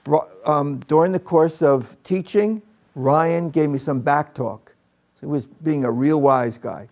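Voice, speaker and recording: A man demonstrating calm, direct classroom discipline to an audience of teachers. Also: on the high side, unhurried. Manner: calm and direct, speaks to the room. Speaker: teacher trainer.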